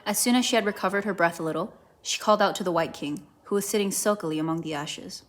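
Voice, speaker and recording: A woman reading a children's book aloud as a volunteer, in a gentle, even storytelling manner. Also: on the low side, quick pace. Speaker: volunteer reader.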